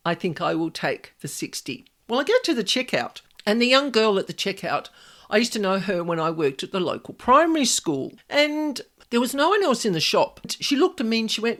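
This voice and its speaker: A woman's voice: medium pitch, very animated, a little fast, fairly bright tone. An Australian woman hosting a solo podcast, telling a chatty personal anecdote and acting out her own inner voices. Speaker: podcast host, paranormal specialist. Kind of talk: casual solo podcast storytelling.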